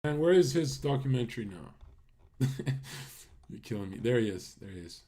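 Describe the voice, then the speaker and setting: A male streamer speaking in a husky, slightly rough voice at a middle pitch. He talks bluntly and mockingly, ranting at his viewers in casual livestream commentary. The voice comes close and clear through a condenser mic. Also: lively intonation, moderate pace, warm tone. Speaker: livestream host. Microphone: USB condenser mic.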